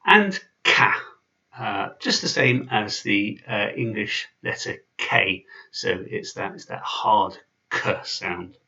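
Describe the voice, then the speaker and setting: A man's voice: on the low side, slow, vocal fry, pushed and bright, far from the mic, highs cut off. A man giving an informal video lesson, chatty and full of fillers and restarts. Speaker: language teacher.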